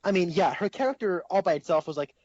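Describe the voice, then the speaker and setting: A young man co-hosting a casual podcast chat, rambling and excitable, laughing often. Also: high voice, fast, muffled recording. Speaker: podcast co-host.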